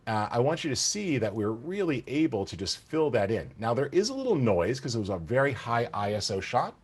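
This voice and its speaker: A man teaching photo-editing software in an enthusiastic, conversational tutorial, talking straight to the viewers. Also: mid-range voice, very animated, fairly quick, breathy edge. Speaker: software instructor. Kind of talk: screen-recorded software tutorial.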